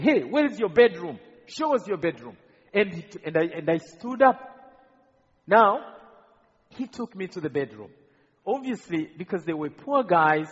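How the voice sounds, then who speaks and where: A man's voice: high-pitched, breathy edge. A man from Rwanda giving an earnest testimony in a sermon to a congregation, often repeating words as he stumbles. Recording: dull, reverberant hall recording.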